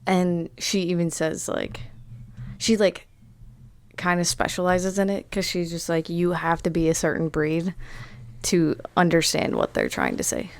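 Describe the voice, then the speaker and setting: A woman's voice: lowish voice, animated, a little slow. A woman co-hosting a podcast in casual chat, chiming in with short agreements and saying "dude.". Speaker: podcast co-host.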